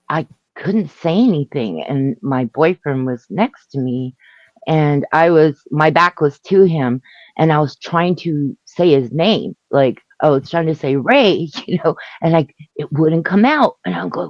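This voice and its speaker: A woman telling a story on a live stream in a halting way, laughing and restarting her sentences. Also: deep voice, a little mellow, dry recording, highs cut off. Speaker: guest storyteller. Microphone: video call.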